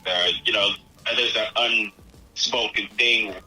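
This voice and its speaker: A man co-hosting a podcast, chatting casually about a film in a rambling, halting way and acting out movie lines. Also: fairly low pitch, steady tone, bright, forceful tone, soft background music, poor audio. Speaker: podcast co-host.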